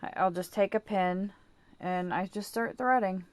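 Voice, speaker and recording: A woman chats through a casual home craft tutorial, rambling and correcting herself as she works, and uses playful baby talk with her dog. Her mid-range voice is a little slow, with no echo.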